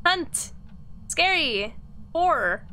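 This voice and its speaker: A woman's voice: high-pitched, big pitch swings, drawn-out words, sharp tone. A woman streamer commentating on a ghost-hunting game, taunting and cursing as she calls out to the ghost. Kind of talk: casual gameplay commentary.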